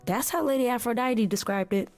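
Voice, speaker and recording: A woman's voice: on the high side, brisk, darkish tone, close to an everyday voice. Venus, a woman voicing a grieving goddess. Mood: sorrowful. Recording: game audio with faint music beneath.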